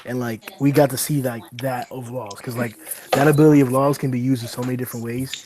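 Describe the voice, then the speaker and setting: A man's voice: mid-range voice, fairly even intonation, fast, background noise. Rambling, swearing man in voice chat. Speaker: discussion participant. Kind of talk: casual group chat.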